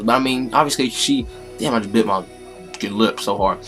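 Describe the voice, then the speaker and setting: A young man in his late teens with a fairly low voice tells stories from his job in a loose, slangy vlog chat. He talks casually, with plenty of restarts. Faint music plays underneath. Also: a little fast, a bit bright. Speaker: vlogger.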